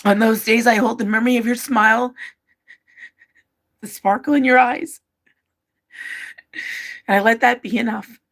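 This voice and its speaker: A woman's voice: fairly high pitch, fairly even intonation, normal speed, long pauses, a bit bright. A woman hosting a livestream, reading out viewer comments and her own personal letters in an open, emotional way. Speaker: livestream host.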